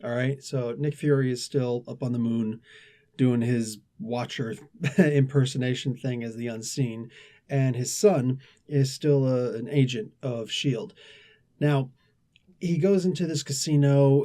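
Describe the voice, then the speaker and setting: A man's voice: mid-range voice, steady tone, moderate pace, mellow. A man hosting a casual comic book review, talking in a chatty, rambling way with asides and restarts.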